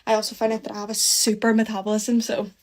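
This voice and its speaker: A woman's voice: medium pitch, completely flat delivery, fast talker, darkish tone. A woman chatting casually about her outfit while out of breath. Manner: chatty, rambling. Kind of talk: get-ready-with-me vlog chat.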